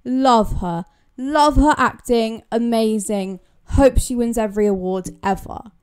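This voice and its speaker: British woman, young adult, smooth clear voice, chatty and emphatic, casual commentary. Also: fairly high pitch, unhurried, darkish tone. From Britain. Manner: chatty, emphatic, repeats words for stress. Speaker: YouTuber.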